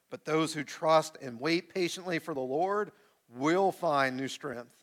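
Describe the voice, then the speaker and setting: A man in his forties preaching a sermon to a live congregation, reading scripture and calling out for the room to answer back. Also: medium pitch. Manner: animated, call-and-response with the congregation. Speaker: pastor. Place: church sanctuary with a live congregation.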